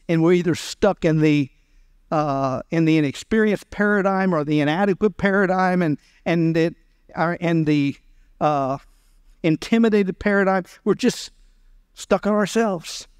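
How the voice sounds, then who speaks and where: Male pastor, sermon delivery, high clear voice, dry close sound. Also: moderate pace, dry recording. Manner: preaching, acting out the voices of God and Moses. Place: church.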